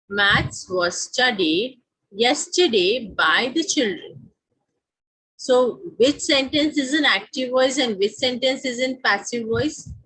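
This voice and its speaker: A fairly high-voiced woman with an Indian English accent teaches a grammar lesson at a slow, deliberate pace. Her voice is a little husky, and her pitch swings widely as she asks questions and answers them herself. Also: bright, forceful tone, rough recording. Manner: slow, repeats each example sentence.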